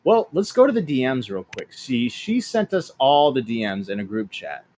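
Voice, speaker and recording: A man hosting a casual podcast, talking quickly and offhandedly with fillers and crude humor. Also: mid-range voice, sing-song, darkish tone. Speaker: podcast host. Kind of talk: casual podcast chat, reading messages aloud.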